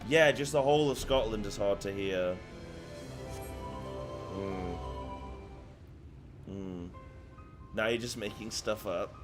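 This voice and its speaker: A man's voice: lowish voice, music in the background. A man chatting casually while streaming a game, rambling with many fillers and restarts. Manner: rambling, halting, lots of fillers. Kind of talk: casual live-stream chat.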